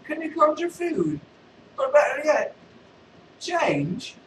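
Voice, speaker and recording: A man's voice: extremely high pitch, sing-song, slow pace, roomy sound, recorded from a distance, noisy background, voice pushed up, exaggerated voice. A man voicing a pushy male street beggar who keeps demanding things. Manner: nagging and demanding.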